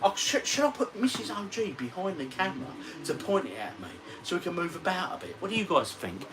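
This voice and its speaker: In his forties, this matey retro gaming vlogger chats casually on a livestream from his games room and reads viewer comments aloud. His high, brisk, bright voice swings lively up and down, and the distant mic catches faint background hiss.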